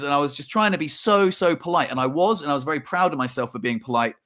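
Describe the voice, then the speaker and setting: Animated male podcast co-host. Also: fast. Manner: animated, acts out quotes with big pitch jumps; swears casually. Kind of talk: casual storytelling chat.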